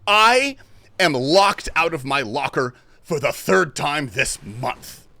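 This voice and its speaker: Man doing a cranky older gym member, indignant and demanding, bright voice. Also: on the high side, big pitch swings, takes it slowly, vocal fry, heavily acted.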